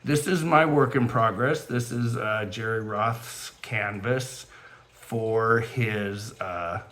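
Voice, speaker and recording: Speaking slowly in a fairly low voice, this Californian beading-channel host opens his vlog with a chatty, rambling intro from home. He's warm-hearted and leans on plenty of fillers, and emotion makes his voice quiver as wind chimes and a fountain sit close by.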